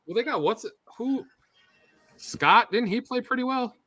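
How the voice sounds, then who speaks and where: His voice is very high-pitched, animated, bright, and forceful, at a moderate pace in a dry recording. He's co-hosting a live sports stream, rambling chattily, while a headset or earpiece carries a TV feed.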